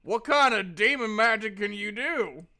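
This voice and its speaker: A man's voice: high-pitched, expressive, measured pace, bright, forceful tone, pitched above the performer's own voice, heavily acted. A man voicing a plain, puzzled male warrior who carries a warhammer, speaking with bemused questions.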